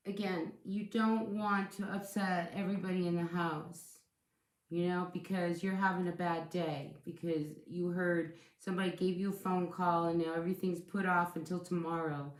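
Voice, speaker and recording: A woman's voice: lowish voice, fairly even intonation, measured pace, reverberant. A woman giving a casual tarot reading, speaking in a chatty, reassuring way and often repeating herself as she restarts sentences. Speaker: tarot reader.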